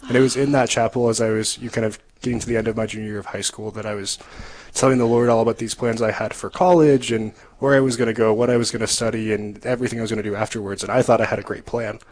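A young man, a seminarian guest on a radio talk show, telling his story in an earnest, reflective way with soft laughs. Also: on the low side, steady tone, fast talker, low-quality recording. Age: young adult. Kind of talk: radio interview testimony.

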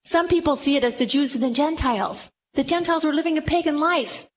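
A middle-aged woman with a high voice preaches to a room full of listeners. She tells the story with animation and acts out each person in it, in sermon style. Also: quick pace, slight background noise, low-quality recording. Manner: animated storytelling, acting out the quoted speakers. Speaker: Bible teacher. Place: room with a live audience.

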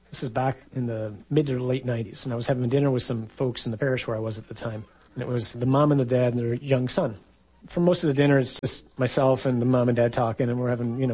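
Husky-voiced priest preaching conversationally. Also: male voice, medium pitch, a little mellow, poor audio. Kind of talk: sermon.

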